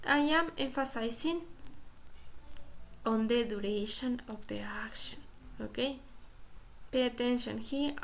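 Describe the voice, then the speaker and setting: Slow, deliberate Spanish-native teacher woman. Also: high-pitched, pushed and bright, slight background noise. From Ecuador. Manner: slow, deliberate explaining, repeats "okay" often. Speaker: English teacher. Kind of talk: recorded grammar lesson for students.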